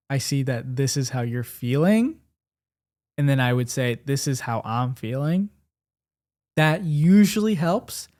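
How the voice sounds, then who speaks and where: A man co-hosting a casual couples podcast, talking in a relaxed, reflective way with soft-spoken asides. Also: mid-range voice. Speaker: podcast co-host.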